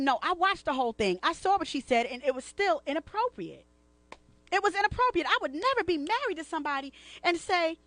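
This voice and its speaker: A woman's voice: extremely high pitch, brisk, no echo. A woman hosting a talk radio show, chatting casually and sassily, addressing her listeners directly. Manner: animated, sassy, talks to listeners directly.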